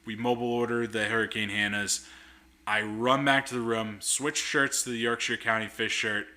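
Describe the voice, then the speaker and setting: A man chatting casually on a podcast, telling a lively story and acting out what people said. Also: medium pitch, moderate pace. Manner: animated storyteller acting out quotes. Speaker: podcast guest. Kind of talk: casual chat.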